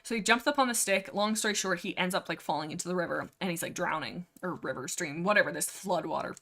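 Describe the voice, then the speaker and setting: A young woman with a Canadian accent, hosting a casual book discussion livestream and rambling excitedly with lots of fillers and restarts. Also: fairly low pitch, fast. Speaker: livestream host.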